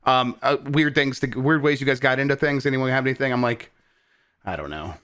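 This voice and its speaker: A man co-hosting a podcast, chatting in an animated way with many hesitations. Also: medium pitch, brisk, clean tone. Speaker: podcast host. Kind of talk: casual chat.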